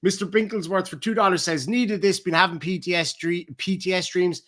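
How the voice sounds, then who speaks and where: A man's voice: sits high, fairly quick. An Irish man casually reading out donation messages on a livestream, swearing freely and joking around. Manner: profane, jokey and excitable.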